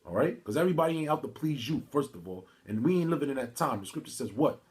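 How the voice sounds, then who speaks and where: A man giving an informal video sermon, reading scripture haltingly and preaching in casual street talk, calling his listeners "man" again and again. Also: mid-range voice, expressive, darkish tone. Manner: reads scripture aloud haltingly, with restarts. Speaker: religious teacher. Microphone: phone or camera mic.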